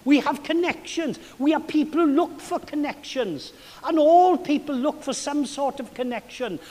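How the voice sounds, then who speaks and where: A middle-aged man with a South Welsh accent delivers a sermon in a very high voice. He tells stories in an animated, chatty way and slips in self-deprecating asides. His voice rings out with a long reverb in a large hall. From South Wales. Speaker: preacher.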